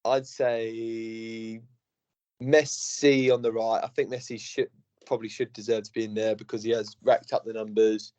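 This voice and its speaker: A man's voice: fairly low pitch, flat delivery, normal speed, a little mellow, lo-fi sound. A man co-hosting a casual football podcast over a call, laughing often and joking around. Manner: laughs often, does silly impressions. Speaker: podcast co-host.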